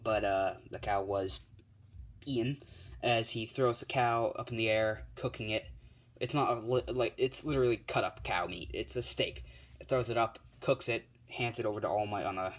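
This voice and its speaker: A young man spins an improvised fan story out loud, rambling and full of fillers and restarts. His voice sits low. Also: steady tone, moderate pace.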